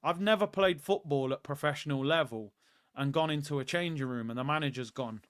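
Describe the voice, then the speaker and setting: A young man hosting a football watchalong livestream, reading out viewer comments and giving shout-outs in animated, slangy banter. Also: fairly high pitch, brisk, no echo, clean studio sound. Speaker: livestream host.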